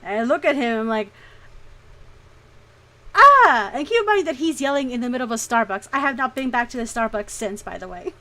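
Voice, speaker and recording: A woman's voice: fairly high pitch, fast talker, few pauses, poor audio. Chatty, swearing woman streamer. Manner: animated, swears freely, laughs often. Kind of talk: casual storytelling chat.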